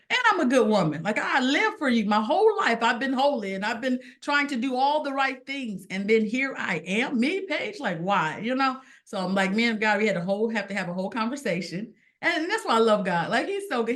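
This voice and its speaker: A woman guest on a podcast, telling her story in an earnest, animated way and acting out what people said. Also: on the high side, fairly quick, few pauses. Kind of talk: casual personal testimony.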